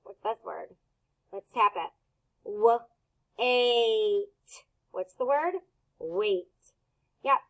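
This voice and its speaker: A woman teaching a phonics lesson to children, speaking slowly and patiently as she sounds out words. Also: mid-range voice, expressive, gravelly, low-quality recording.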